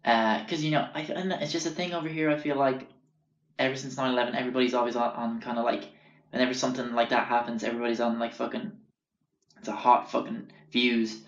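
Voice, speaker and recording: Quick-paced and mid-range, with little pitch movement, a man hosting a podcast rambles through sweary stories and acts out the characters he quotes. It's casual storytelling in roomy, dull, lo-fi sound.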